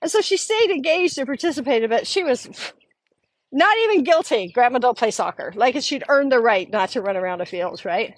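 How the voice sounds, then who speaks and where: A middle-aged woman hosting a show, telling a story in a lively, casual way and often acting out the voices of the people she quotes. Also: on the high side, normal speed. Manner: animated, acts out quoted voices, laughs often. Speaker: podcast host.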